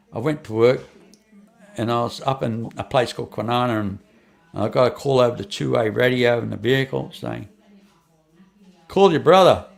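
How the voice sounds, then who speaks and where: A man's voice: medium pitch, gravelly. An older man tells a long personal story as an interview guest. He rambles, repeats phrases and restarts often, and acts out the lines of the people in his story.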